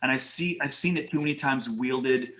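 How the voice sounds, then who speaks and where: A man's voice: mid-range voice, moderate pace. A middle-aged man, a talent advisor, telling work stories as an interview guest. He talks animatedly, acts out what people said, and uses a lot of "you know". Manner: animated, acts out quoted dialogue, many "you know" fillers. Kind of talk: casual interview storytelling. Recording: roomy echo.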